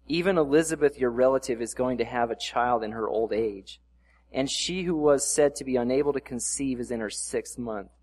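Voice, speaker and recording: A man praying and then preaching a casual, conversational sermon, with asides, growing louder and more excited as he reads scripture. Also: medium pitch, long reverb tail. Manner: asides and self-corrections. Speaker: pastor.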